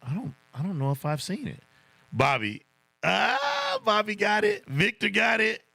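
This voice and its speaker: A man's voice: sits high, huge pitch swings, a little slow, creaky, sharp tone, dry recording. A man hosting a casual livestream, reading viewer comments in a laid-back way, chuckling often and saying "man" a lot. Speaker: livestream host.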